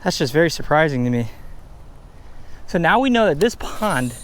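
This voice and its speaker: A young man from Delaware filming his own fishing trip, exclaiming and chatting excitedly beside a pond. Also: on the high side, moderate pace. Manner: excitable, exclaiming, mild slang. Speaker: fishing vlogger. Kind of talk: excited casual vlog commentary. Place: outdoors by a pond.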